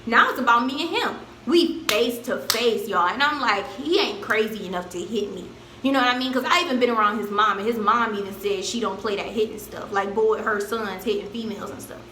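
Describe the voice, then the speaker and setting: A young woman vlogger telling a story in a casual, slangy way, with loud acted-out quotes. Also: fairly high pitch, a little fast, roomy sound, a little hiss or hum. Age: young adult. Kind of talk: storytime vlog.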